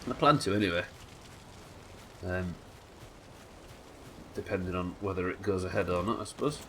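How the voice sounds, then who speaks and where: Sweary Yorkshire streamer, lowish voice. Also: male voice, moderate pace, pushed and bright, slight background noise. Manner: chatty, sweary, laughing. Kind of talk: casual live-stream chat while gaming.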